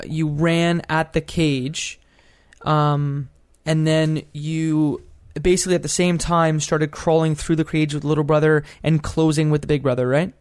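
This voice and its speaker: A man's voice: a little high, level tone, measured pace, clear, resonant tone. A man co-hosting a podcast, chatting casually and asking others to confirm what he says. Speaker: podcast co-host. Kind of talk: casual chat.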